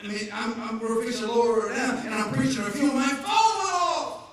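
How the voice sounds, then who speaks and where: High-voiced pastor in an echoey church. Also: male voice, fast, a crowd in the background. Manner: animated, shouting and joking with the congregation. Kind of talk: sermon. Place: church sanctuary. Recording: echoey church hall heard from far off.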